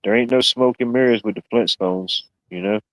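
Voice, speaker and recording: A man's voice: fairly low pitch, fairly quick, dry recording, low-quality recording. A man hosting a casual live stream, joking and rambling, peppering his talk with "you know what I mean". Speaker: stream host.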